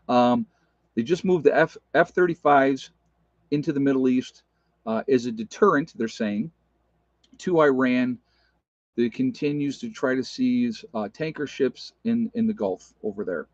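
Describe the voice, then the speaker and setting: A man with a mid-range voice hosts a livestream, rambling casually and answering viewer comments as they come in. There's no echo, and the stream audio is dull and lo-fi.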